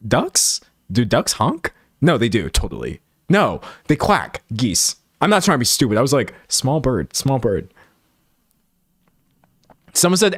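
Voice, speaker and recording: A Texan man with a mid-range voice hosts a casual stream, reacting to videos, reading chat aloud, and laughing often in an animated way as he talks to his viewers. The audio is dry and studio quality.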